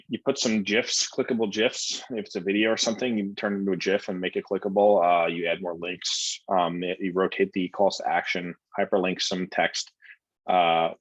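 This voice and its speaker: A man's voice: sits low, husky, dry recording, poor audio. A man coaching students on copywriting, reading their questions aloud and answering bluntly in a casual way, with many fillers.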